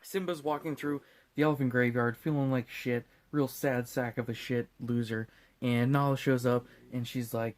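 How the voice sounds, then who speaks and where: A man's voice: medium pitch, steady tone, normal speed, a little mellow. Drunk man rambling through a movie recap. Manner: rambling, profane, jokey. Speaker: host.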